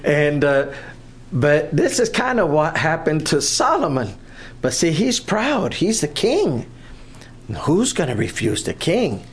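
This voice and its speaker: A preacher telling a Bible story in a sermon, animated and chuckling, acting out the characters along the way. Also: medium pitch, slow, slightly rough.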